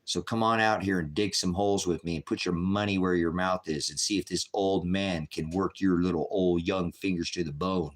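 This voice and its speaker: A man's voice: low voice, steady tone, normal speed, few pauses. A man in his fifties hosting a live chat, bluntly firing back at trolls with repeated retorts. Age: 50s. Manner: combative, answering trolls in chat. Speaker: livestream host.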